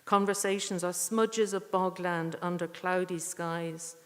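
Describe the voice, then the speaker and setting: A woman giving a poetry reading with short spoken introductions, earnest and unhurried, with thoughtful pauses. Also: on the low side, little pitch movement. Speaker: poetry reader at a tribute evening. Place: church. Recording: echoey church hall.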